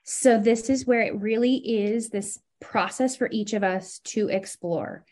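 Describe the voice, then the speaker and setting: A woman guest speaking in an easy conversational way, thoughtful and measured. When she recounts a story, her voice livens up with quick bursts of energy. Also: on the high side. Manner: reflective, animated when telling stories. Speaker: podcast guest. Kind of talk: casual conversational interview.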